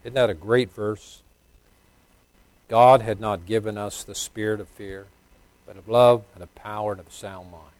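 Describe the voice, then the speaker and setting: In a dry recording, an older man gives a sermon at normal speed with a steady tone. He alternates emphatic, loud bursts with quiet, low asides, chuckling and questioning his congregation.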